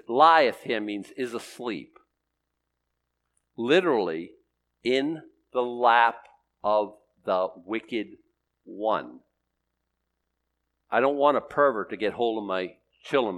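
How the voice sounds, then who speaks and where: An older man, a pastor, preaching a sermon with animated emphasis that swings between loud declarations and hushed, quiet passages. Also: on the low side, takes it slowly, long pauses.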